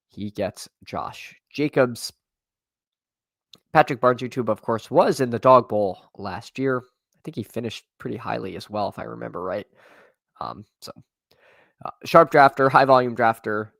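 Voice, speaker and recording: A man on a live stream who rambles through his draft picks in a relaxed, chatty way. He stops and restarts his sentences often and talks straight to his viewers. His voice is slightly worn, and it sounds close and dry, with no room echo. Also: mid-range voice, creaky. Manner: rambling, many restarts and fillers, talks to chat. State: voice tiring. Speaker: streamer and fantasy football drafter. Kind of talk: casual live-stream commentary.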